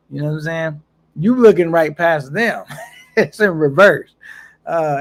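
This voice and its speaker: A man's voice: on the high side, creaky. A man casually chatting on a live stream, reading viewer comments aloud in a laid-back, slangy way and laughing often.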